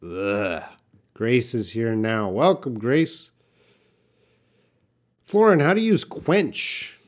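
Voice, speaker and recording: A man teaching English live, answering viewer questions one by one. He talks slowly and unhurriedly at a middle pitch, stopping to restart sentences and fill gaps as he works out each explanation. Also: lively intonation. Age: young adult. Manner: slow, patient explaining with restarts and fillers.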